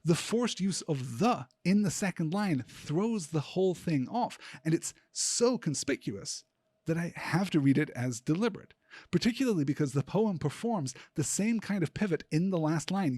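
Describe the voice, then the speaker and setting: Analytical man, fairly high voice. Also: animated, a little mellow, breathy edge, dry recording. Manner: analytical, measured, slows to scan poetry aloud. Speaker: podcast host. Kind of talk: close-reading literary analysis.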